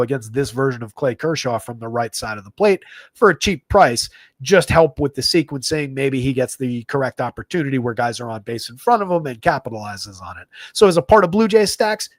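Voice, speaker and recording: A man giving a live fantasy baseball rundown, reeling off player numbers quickly with frequent fillers. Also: on the high side, no echo, clean studio sound. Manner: rapid stat-heavy delivery with frequent fillers. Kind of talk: live stream sports stats rundown.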